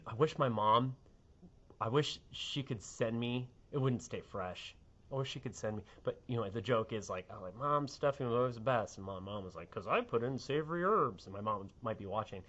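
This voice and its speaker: A man's voice: medium pitch, a bit bright, highs cut off. A middle-aged man, a TV meteorologist, chatting casually and rambling on air in a sentimental way.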